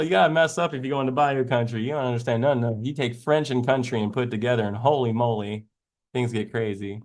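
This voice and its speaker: A man hosting a live stream talks loosely and jokily, wandering from point to point and breaking into laughter. His voice sits at an ordinary middle pitch, and his delivery is relaxed and chatty. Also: fast talker. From American South. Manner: rambling, jokey, laughs often. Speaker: live trading show host. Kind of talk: casual chat on a live stream.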